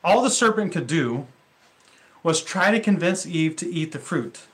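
A man's voice: on the high side, lively intonation, measured pace. A male pastor preaching a sermon in a conversational way, with rhetorical questions and casual asides.

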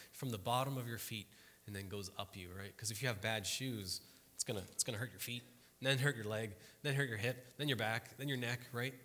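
A man's voice: mid-range voice, pushed and bright. A man preaching a conversational sermon to a congregation, often checking in with the room and acting out quoted voices. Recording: long hall reverb.

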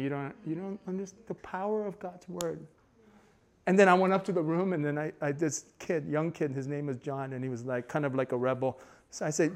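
A young adult man preaching a sermon, telling a personal story in an expressive way that swings between hushed and emphatic. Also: a little high, fast talker. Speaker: pastor.

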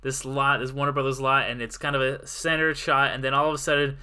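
A man's voice: medium pitch, flat delivery, brisk, bright, forceful tone, smooth. A man co-hosting a film podcast, talking casually and rambling through his thoughts with many restarts. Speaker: podcast co-host. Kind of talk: casual film review chat.

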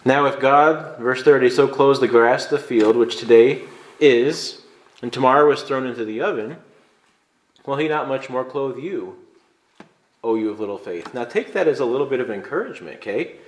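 A man's voice: mid-range voice, moderate pace. A man from Illinois preaching a sermon as pastor, conversational and emphatic, building to fervent stress. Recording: echoey room.

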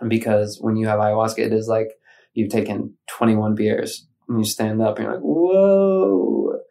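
A man's voice: lowish voice, a little fast, gravelly. A man from Michigan telling a personal story in casual conversation, acting out his own thoughts in changing voices. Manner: animated, acts out his own inner voices. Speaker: guest.

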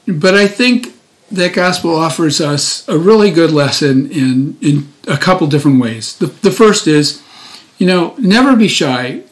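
A deacon in his sixties giving a chatty, informal daily gospel reflection, full of fillers and restarts. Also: fairly high pitch.

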